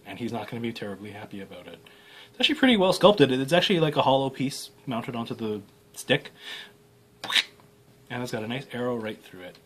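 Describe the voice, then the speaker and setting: A man reviews action figures in a relaxed, joking way, wandering into asides as he cuts open boxes. His pitch sits in an ordinary middle range. Heavy noise runs under the recording. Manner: joking, rambling, quick asides. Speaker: toy reviewer host. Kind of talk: casual unboxing chat. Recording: loud background noise.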